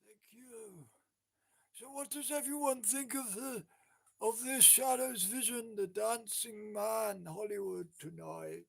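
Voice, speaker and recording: A man's voice: high-pitched, big pitch swings, takes it slowly, gravelly, a bit bright. An older man hosting a livestream in casual chat, repeating words over and over in a chanting way. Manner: repetitive, chanting single words. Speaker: livestream host.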